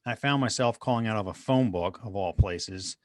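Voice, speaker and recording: This middle-aged guest, a motivational speaker, relates personal stories earnestly in a conversational interview, using the host's name. His voice sits on the low side at a moderate pace, and the recording is dry and clean, studio-quality.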